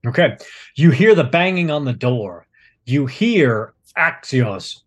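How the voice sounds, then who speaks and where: A man narrating a tabletop game as game master, unhurried and descriptive. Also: mid-range voice, very animated.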